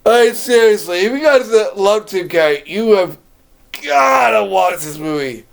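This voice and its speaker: A man's voice: sits high, expressive, unhurried, gravelly. A man casually and enthusiastically talking through a favorite movie for his video blog, rambling and laughing often. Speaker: video blogger reviewing a movie.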